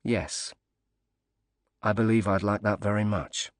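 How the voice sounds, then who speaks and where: A grateful widowed father, as a male narrator reads him, soft-spoken and hesitant with quiet emotion. His voice is low and mellow, recorded dry and close. It sounds like a storybook thriller scene. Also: steady tone, unhurried, no echo, lightly acted. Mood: tender.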